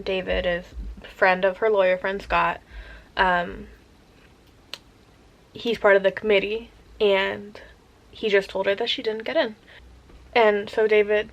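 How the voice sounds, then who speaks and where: A woman's voice: mid-range voice, lo-fi sound. A young woman chatting casually about a book she is reading, gushing and rambling, sometimes dropping to a whisper. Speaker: reading vlogger.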